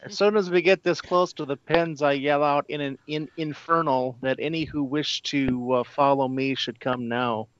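A man playing a tabletop game, describing his character's gear haltingly with many pauses. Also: fairly high pitch, fairly even intonation, fairly bright tone, lo-fi sound. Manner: halting, lots of "uh". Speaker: player. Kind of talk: casual tabletop game chat.

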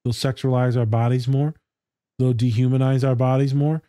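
A man talks candidly in a casual podcast chat, swearing freely and laughing. His voice is mellow and warm at a middle pitch. The sound is dry and close. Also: level tone, moderate pace, no room sound. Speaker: co-host, therapist.

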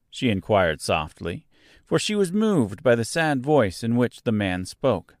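A man narrating a children's storybook aloud as a podcast host, in a slow, expressive storytelling manner. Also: mid-range voice, dry recording, clean studio sound.

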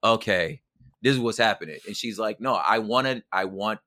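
Middle-aged male guest, slangy and animated, bright tense tone, close and dry. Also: on the low side, moderate pace, dry recording. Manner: animated, slangy, acts out quotes. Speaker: podcast guest. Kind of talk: casual storytelling.

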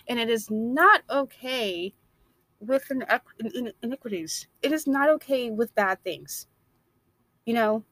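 A woman's voice: on the high side, animated, unhurried, a bit bright, no room sound. A woman delivering a blunt, emphatic opinion monologue.

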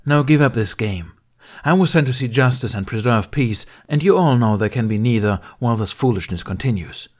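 A man's voice: mid-range voice, expressive, a little fast, a little mellow, voice pushed up, close to an everyday voice. A man reading a fan fiction audiobook, voicing a stern, formal male Jedi master with cold, contemptuous authority.

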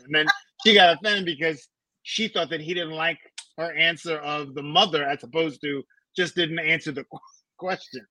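A man co-hosting a casual reality-TV recap podcast, explaining his view in a measured, hesitant way. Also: a little high, steady tone, pushed and bright, no echo. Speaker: podcast co-host.

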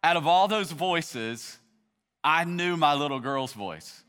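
Smooth-voiced pastor preaching with rising fervor. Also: male voice, a little high, animated, slow, a bit bright. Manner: conversational, builds to passionate emphasis. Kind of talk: sermon.

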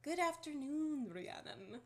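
A woman's voice: high voice, animated, slow, a little mellow. A young woman co-hosting a podcast in casual chat, dry-mouthed from just waking up, talking with lots of "like" fillers and easy laughs. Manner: chatty, many "like" fillers, laughs often. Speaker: podcast co-host.

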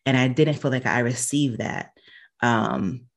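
A woman's voice: extremely low pitch, a little slow. A woman in her thirties, a podcast guest, speaking in an earnest, reflective way with frequent restarts. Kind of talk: casual conversation.

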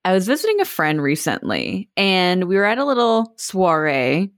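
A woman's voice: on the low side, wildly swooping pitch, moderate pace, no room sound, clean studio sound. A woman co-hosting a casual chat, telling a story animatedly and asking the others what they think. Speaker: podcast co-host.

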